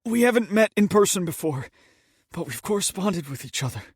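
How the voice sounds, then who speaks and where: A man's voice: sits high, animated, a little fast, breathy edge, no room sound, studio quality, voice pushed up. A man voicing a wounded young man who talks weakly and wryly through pain. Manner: weak, strained.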